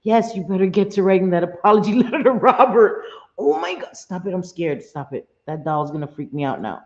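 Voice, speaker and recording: On roomy, muffled lo-fi stream audio, a middle-aged woman with a lowish, expressive, slightly mellow voice talks briskly through a casual livestream chat. She answers her viewers at home freely, cursing, chuckling, and reading the chat aloud.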